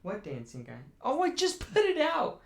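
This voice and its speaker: A man's voice: very high-pitched, wildly swooping pitch, moderate pace, vocal fry. A young man hosting a casual chat, rambling and swearing in mock mourning. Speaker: podcast host.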